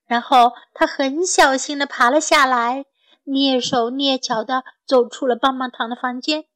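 A woman reading a bilingual children's bedtime story in a gentle, clear way, as if for young listeners. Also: sits high, poor audio.

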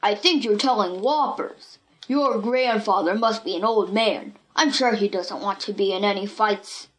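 A woman's voice: mid-range voice, unhurried, lightly acted. A woman voicing an impatient grown man who scolds bluntly in a storybook reading. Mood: scornful. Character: gruff grown man, impatient and quick to anger.

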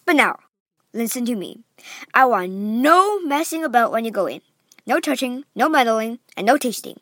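Storybook read-aloud: a high, punchy, whimsical male chocolate maker voiced by a woman, impatient and commanding. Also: animated, fairly bright tone, no echo, clean studio sound. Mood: confiding stern. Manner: quick commands, whimsical wordplay. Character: eccentric man chocolate maker, brisk and bossy.

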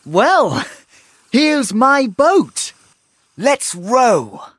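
A man voicing a brave adult male sailor in a storybook reading, slow and eager. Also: very high voice, big pitch swings, a bit bright, dry recording, voice pushed up, full character voice. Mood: friendly.

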